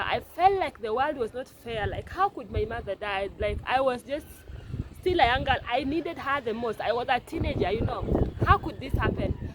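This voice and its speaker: A young Kenyan woman telling an emotional personal story, often repeating her words. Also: high-pitched. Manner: emotional, repetitive, circling back. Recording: noisy background with passing vehicles.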